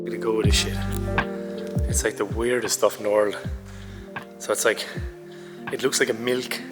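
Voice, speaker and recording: A man chatting casually through a car restoration vlog, his voice a bit hoarse, matter-of-fact with some swearing. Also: lowish voice, little pitch movement, moderate pace, in a large hall, loud music behind the voice. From Ireland. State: hoarse, says he lost his voice. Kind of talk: casual workshop vlog narration. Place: large garage workshop, indoors.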